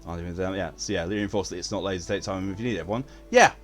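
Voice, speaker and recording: A man's voice: sits low, very fast, fairly bright tone, soft background music. A man chatting casually with viewers while streaming a game, blunt and given to swearing. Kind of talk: casual live-stream chat.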